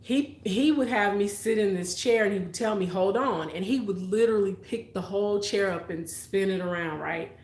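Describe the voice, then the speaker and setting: With a medium-pitched, slightly mellow voice, a young adult woman talks at a moderate pace with few pauses. She's on a late-night live stream, telling tales from her childhood, reading what viewers write, and frequently laughing, in a room with noticeable echo.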